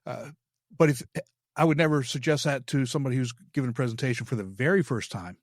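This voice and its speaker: A man hosting an interview podcast in casual chat, talking haltingly with many restarts. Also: medium pitch, dry recording, studio quality. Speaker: podcast host.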